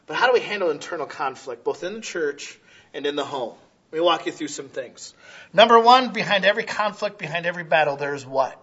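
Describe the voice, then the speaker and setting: A man pastor preaching a sermon in a church, animated, asking questions aloud and acting out what people say. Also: fairly high pitch, a little fast, slightly rough, lo-fi sound. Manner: animated preaching, acting out quoted voices, shouts rhetorical questions.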